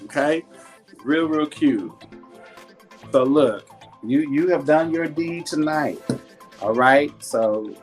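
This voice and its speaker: A man's voice: fairly high pitch, takes it slowly, long pauses, faint music behind. Chatty man hosting a live sale. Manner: chatty, laughs often, reads viewer comments aloud; warm and churchy, talks faith. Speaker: live-stream jewelry seller. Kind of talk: casual live sales stream.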